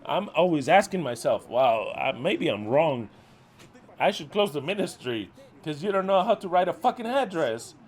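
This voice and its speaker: A middle-aged man leading a ministry, scolding his followers in a profane, exasperated way, swinging from loud outbursts to low muttering. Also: sing-song, normal speed. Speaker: ministry leader.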